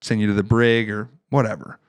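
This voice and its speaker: A man from Ohio in his thirties, a podcast guest casually telling war stories in a profane, animated way, acting out the voices of the people in his stories. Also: fairly low pitch, fairly quick, clean tone. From Ohio, United States. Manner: profane, animated storytelling with acted-out quotes. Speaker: podcast guest, fighter and Marine veteran. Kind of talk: casual storytelling chat.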